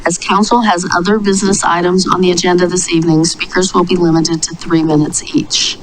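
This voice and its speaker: A woman's voice: on the low side, little pitch movement, fairly quick, slight background noise, poor audio. A woman chairing a city council meeting, formally reading out the rules for public comment. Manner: formal, procedural. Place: council chamber.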